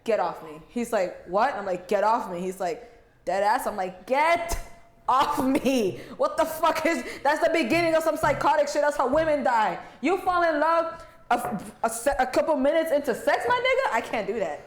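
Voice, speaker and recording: A woman's voice: sits high, sing-song, normal speed. A woman co-hosting a podcast, chatting casually in a blunt, crude, joking way. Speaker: podcast co-host. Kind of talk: casual chat. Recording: echoey room.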